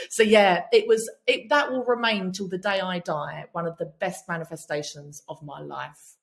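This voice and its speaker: A woman's voice: fairly low pitch, steady tone, normal speed, creaky, hardly any pauses. A woman guesting on a podcast, telling personal stories in a candid, emphatic way and swearing freely. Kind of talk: candid storytelling chat.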